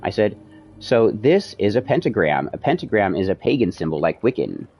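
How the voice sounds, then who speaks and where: Streamer, young man, lowish voice, animated profane storyteller. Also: moderate pace, breathy edge. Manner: animated, profane retelling with quoted dialogue. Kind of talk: casual storytelling.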